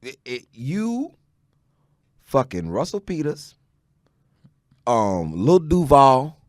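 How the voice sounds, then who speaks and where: A man from Houston, a stand-up comedian guesting on a podcast, telling stories in an animated way and building up to shouted punchlines. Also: mid-range voice, slow, no room sound, clean studio sound. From Houston, Texas. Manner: animated storyteller who rises into shouted punchlines. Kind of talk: casual chat, comic storytelling. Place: podcast studio.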